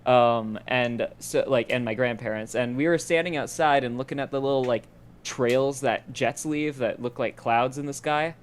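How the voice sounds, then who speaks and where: A man's voice: medium pitch, normal speed, clear, resonant tone. A young man from Idaho, a podcast co-host, telling a rambling story in casual chat and laughing as he goes. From Boise, Idaho.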